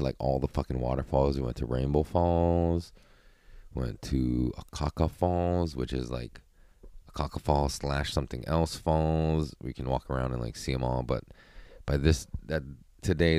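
Male solo podcaster, very low voice, dry close sound, rambling and profane. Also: fairly even intonation, moderate pace, warm tone, no echo. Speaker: podcast host.

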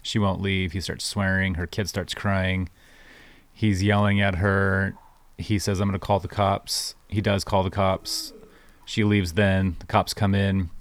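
A man's voice: sits low, level tone, unhurried. A man co-hosting a podcast who tells stories in a dry, matter-of-fact way. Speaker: podcast co-host. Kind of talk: casual storytelling.

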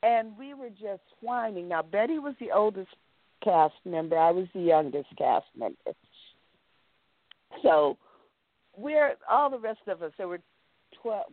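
A woman, an actress guest in an interview, telling animated stories and acting out what people said. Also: medium pitch, unhurried, pauses often, no echo. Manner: animated storyteller acting out quotes. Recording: dry, tinny phone-like line.

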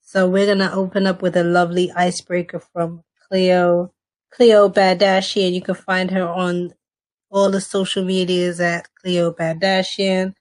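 A woman's voice: lowish voice, little pitch movement, a little slow, darkish tone. A woman hosting a podcast in a loose, upbeat, chatty way. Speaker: podcast host. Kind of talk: casual podcast chat.

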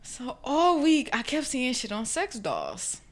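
Casting: woman co-host, higher pitch, bouncy intonation, bright tone. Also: wildly swooping pitch, slow pace. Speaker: podcast co-host. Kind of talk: casual chat.

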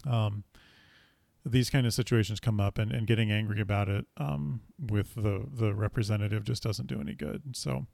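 A man's voice: lowish voice, fairly even intonation, normal speed, gravelly, darkish tone, dry recording. A man telling a personal story in a casual, rambling way, with many fillers and restarts.

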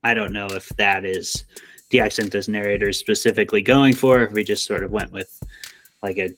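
A man's voice: on the low side, steady tone, brisk, fairly bright tone, faint music behind. A man co-hosting a casual podcast, joking and rambling with plenty of fillers. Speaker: podcast co-host.

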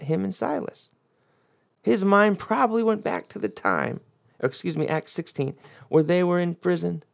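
A man's voice: a little high, gravelly, a little mellow. A man preaching a sermon, explaining the Greek grammar of a Bible passage with strong emphasis.

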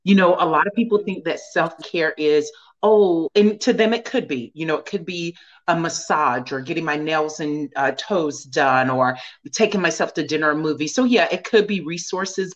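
A woman's voice: sits low, muffled recording. A woman guest in a casual conversation, speaking earnestly about faith and often laughing.

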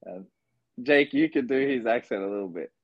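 The young Australian guest, a basketball player, speaks a little fast in a medium-pitched voice with lively intonation. His casual interview stories ramble and are thick with fillers, recorded without echo and with the highs cut off.

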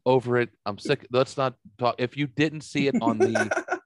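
A man's voice: mid-range voice, normal speed, dry recording. A man hosting a podcast, chatting casually and profanely, mocking himself and rambling through stories. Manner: self-mocking, rambling storyteller. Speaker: podcast host.

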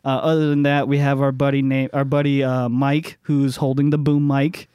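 A man's voice: medium pitch, flat delivery, normal speed, mellow, clear, resonant tone, dry recording. A man, a tabletop game player, casually introducing his character, rambling with many fillers.

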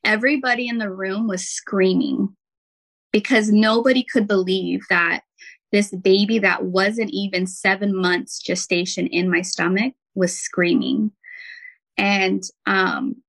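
A woman's voice: medium pitch, steady tone, unhurried, creaky, a bit bright, low-quality recording. A woman, a podcast guest who works as a nurse and healer, telling a personal story in an earnest, heartfelt way with many "um"s and "like"s.

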